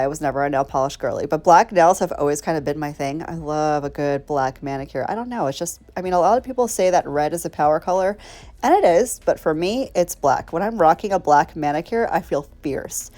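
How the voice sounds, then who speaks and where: A woman's voice: deep voice, lively intonation, brisk, mellow. A woman chatting through a nail tutorial in a bubbly, rambling way, talking straight to her viewers. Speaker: nail art creator.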